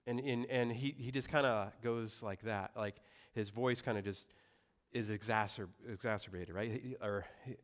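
A man's voice: fairly low pitch, fairly even intonation, moderate pace, few pauses. A young adult man preaching a sermon in a conversational way, with asides and rhetorical questions. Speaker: pastor.

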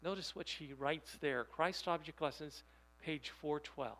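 A man preaching a sermon, reading quotations slowly and putting rhetorical questions to his listeners. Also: on the high side, fairly bright tone, rough recording. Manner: emphatic, rhetorical questions to the audience; reads quotations aloud slowly.

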